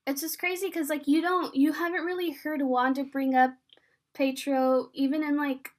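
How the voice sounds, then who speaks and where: A woman's voice: high-pitched, little pitch movement, moderate pace. A woman co-hosting a casual chat, animatedly retelling a TV episode and acting out quoted lines. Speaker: podcast co-host.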